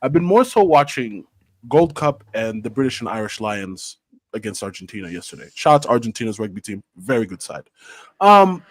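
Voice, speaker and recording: A man's voice: medium pitch, very animated, fairly quick, no echo. A man giving blunt, laughing opinions as a panelist in a casual football chat.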